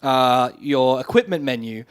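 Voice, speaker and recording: A man's voice: medium pitch, animated, a little slow, clean tone. A man co-hosting a gaming podcast in a casual chat, keen and full of fillers, swearing casually. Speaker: podcast co-host.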